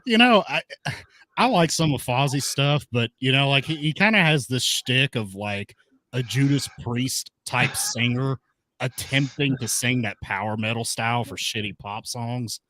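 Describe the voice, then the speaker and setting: A man's voice: medium pitch, unhurried, bright, forceful tone, no room sound. Sarcastic man in casual chat. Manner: sarcastic, joking. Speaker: podcast guest.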